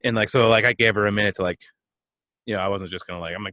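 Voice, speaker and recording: A man co-hosting a casual comedy chat, telling a story in a halting, self-deprecating way and acting out the voices of the people in it. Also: on the low side, no echo. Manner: animated storyteller, acts out voices. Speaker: podcast co-host.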